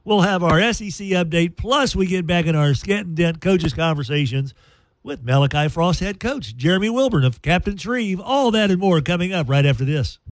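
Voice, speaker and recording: A man hosting a sports radio show, chatty and folksy, telling stories in a lively way. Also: sits high, normal speed, no echo. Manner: chatty, folksy, animated storytelling. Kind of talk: casual sports radio talk.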